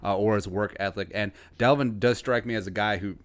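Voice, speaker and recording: A fairly quick-speaking man with a voice on the low side and fairly even intonation hosts a sports podcast. His Upper Midwestern American talk is casual, with lots of fillers and restarts.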